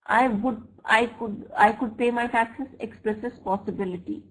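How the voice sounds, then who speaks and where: Woman, online grammar teacher, slightly high voice, slow examples, keeps asking "right?". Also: fairly even intonation, rough recording. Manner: checks understanding with frequent "right?" and "fine?"; slow, deliberate example sentences. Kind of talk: online English grammar lesson. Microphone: computer mic for a web class.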